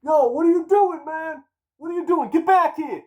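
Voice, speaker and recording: A man voicing a young male weed dealer, pushy and hot-tempered, yelling in rough street talk. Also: extremely high pitch, normal speed, lo-fi sound, voice pushed up. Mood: angry yelling.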